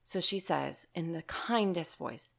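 Woman, low voice, gravelly fry, casual podcast storytelling, emphatic, says y'all. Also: a little slow. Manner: animated, emphatic, swears casually; addresses listeners as y'all. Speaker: podcast co-host.

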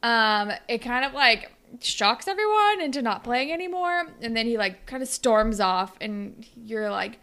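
A young woman co-hosts a podcast, spinning rambling stories in casual chat and saying "like" constantly. Her voice is a little high, expressive and sharp, at normal speed with few pauses.

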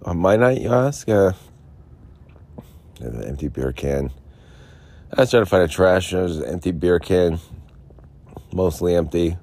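A man's voice: sits low, measured pace, pauses often, darkish tone. A man rambling sarcastically about a police ticket, tipsy and mumbling at times, recorded outdoors. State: tipsy, drinking beer. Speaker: podcaster telling a personal story. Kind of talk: rambling casual monologue. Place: outdoors, homeless.

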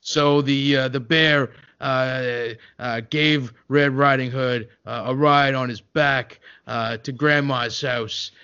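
Brief: a man of medium pitch, rambling storyteller, gruff with the kids, lots of hesitations, lo-fi recording. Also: fairly even intonation, takes it slowly, hardly any pauses, sharp tone. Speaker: comic storyteller doing an impression. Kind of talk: comedy sketch storytelling.

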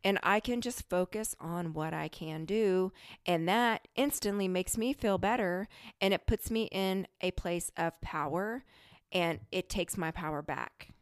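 A lower-pitched woman talks straight to her listeners about spiritual growth. She coaches them earnestly in a relaxed, conversational way. Her voice sounds close and dry, with no room echo. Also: measured pace, smooth. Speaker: spiritual healer and podcast host. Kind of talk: casual spiritual talk to listeners.

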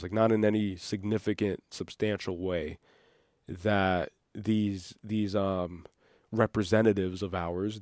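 Rambling lower-voiced podcast host. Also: male voice, dry recording, studio quality. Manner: rambling, excitable, loses his train of thought. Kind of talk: unscripted solo monologue.

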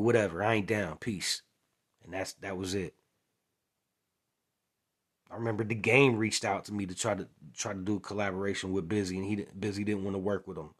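Husky-voiced man telling a story. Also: on the low side. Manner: chatty, keeps adding "you know what I'm saying"; acts out past conversations. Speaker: former music manager. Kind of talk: casual storytelling monologue.

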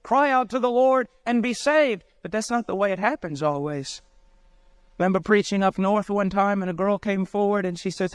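Urgent, clear-voiced male preacher. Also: high voice, moderate pace, dry recording. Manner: urgent, direct, pleading with listeners. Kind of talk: sermon.

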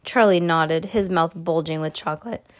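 A woman reading a children's story aloud, expressive, with small slips and restarts. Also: lowish voice, moderate pace. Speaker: reader to a child.

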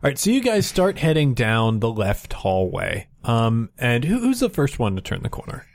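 A man's voice: mid-range voice, normal speed, no room sound. Male game master, easygoing scene narration, dry close sound. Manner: relaxed, with filler-laden descriptions. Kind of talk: narrating a tabletop horror game.

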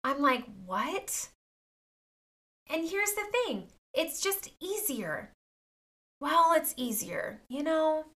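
A woman's voice: high voice, lively intonation, takes it slowly, bright, forceful tone. A woman in her thirties talking straight to her viewers in a personal vlog, emphatic and indignant, often calling them "you guys". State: near tears at times. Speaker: vlogger.

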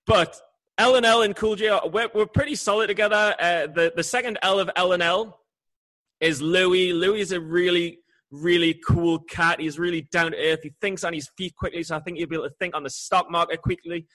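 Bright-voiced joking man. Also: sits high, steady tone, a little fast. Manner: joking, playful. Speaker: co-host. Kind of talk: casual interview chat.

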